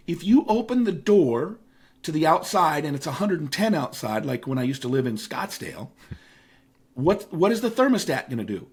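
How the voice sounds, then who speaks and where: A middle-aged man speaks as an interview guest with a slightly husky, somewhat high voice. His pitch swings widely as he tells stories. He talks in a casual, animated way and acts out the people in his anecdotes.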